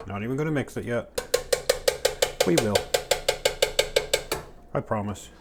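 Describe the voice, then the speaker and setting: A man's voice: medium pitch, lively intonation, measured pace. Jokey man cooking in a noisy kitchen. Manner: jokey, chatty, talks to himself while cooking. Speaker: home cook. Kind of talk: casual cooking demo. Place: home kitchen. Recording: clattering pans and utensils behind.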